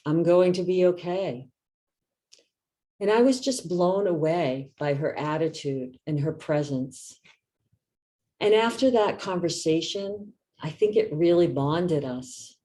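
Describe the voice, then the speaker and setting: A woman in her fifties, a meditation teacher, giving a reflective talk in a gentle, soft-spoken way. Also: low voice, animated, a little slow.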